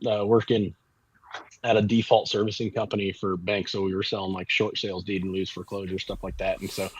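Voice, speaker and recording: Husky-voiced pitmaster telling long stories. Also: male voice, sits low, a little fast. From Kansas City area. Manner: rambling, animated storyteller with many restarts. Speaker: barbecue pitmaster guest. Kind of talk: casual storytelling interview. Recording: dull lo-fi audio.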